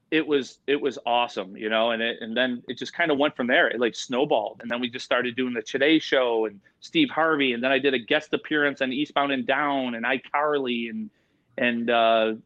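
A man telling stories as an interview guest, excitable and rambling, full of "like" and "you know". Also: medium pitch, muffled recording. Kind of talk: casual storytelling.

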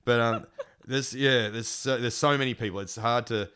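A man's voice: medium pitch, normal speed, smooth. A man telling stories in casual chat, swearing freely and acting out what people said. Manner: animated storyteller, swears freely, acts out quotes. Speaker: musician guest.

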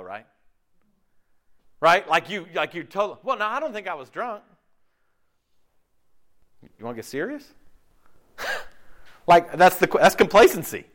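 A man's voice: sits high, a bit bright. A man preaching a sermon in a casual, conversational way, peppering his points with rhetorical questions and acting out quoted voices. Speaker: pastor.

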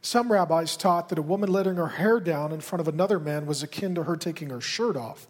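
A man's voice: on the high side, a little fast. A man preaching a sermon as pastor, talking directly and conversationally to the congregation with pointed asides. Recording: reverberant hall.

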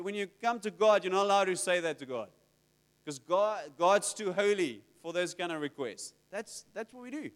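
A man preaching a sermon, telling stories with animation and acting out the prayers he quotes. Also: sits high. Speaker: pastor. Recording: reverberant hall.

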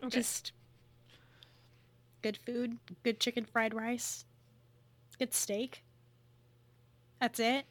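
A woman with a Californian accent co-hosting a podcast, chatting in a bubbly, expressive way and swearing freely. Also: fairly high pitch, extremely slow, long pauses. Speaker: podcast co-host. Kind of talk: casual podcast chat.

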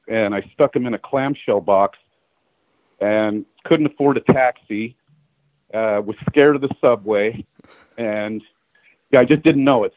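A middle-aged man, a photographer appearing as a guest in a casual interview, recounts career stories loosely and animatedly, peppering them with "uh" and "you know." He acts out the quoted dialogue of people in his tales and laughs along. His mid-pitched voice arrives over a dry, narrow, phone-like line in a dry recording.

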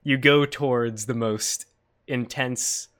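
A man's voice: medium pitch, fairly even intonation, slow, fairly bright tone. Curious American man hosting. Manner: curious, reads listener questions, laughs often. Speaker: podcast host. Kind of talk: casual interview chat.

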